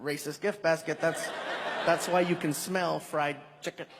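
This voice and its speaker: A man performing stand-up, telling a story in an animated, theatrical way on a live stage. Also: a little high, measured pace. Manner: animated, loud and theatrical delivery. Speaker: stand-up comedian. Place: large live comedy venue. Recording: stage mic in a reverberant hall with loud crowd noise.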